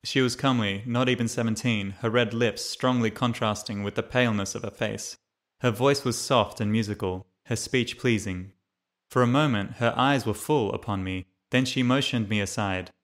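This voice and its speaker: A man's voice: medium pitch, normal speed. A man narrating a memoir as an audiobook reader, reading steadily and lifting his voice for the quoted lines.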